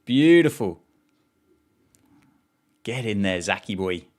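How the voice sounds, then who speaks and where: A man's voice: on the low side, moderate pace. Chatty man hosting a watchalong. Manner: chatty, reads chat aloud and reacts to play. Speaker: livestream host. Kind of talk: casual cricket watchalong chat.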